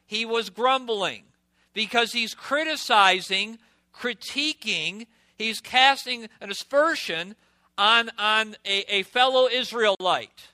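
A man's voice: very high-pitched, animated, takes it slowly, pushed and bright, dry recording. A man preaching a sermon, reading scripture aloud and stressing key words by repeating them and putting rhetorical questions to his listeners. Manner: asks the audience rhetorical questions.

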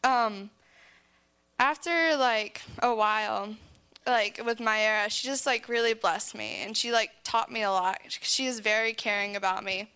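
A teenage girl shares a sincere personal testimony about camp with a church audience, often saying "like" and laughing between phrases. Her voice is on the high side, a little slow, sharp, and clean in tone.

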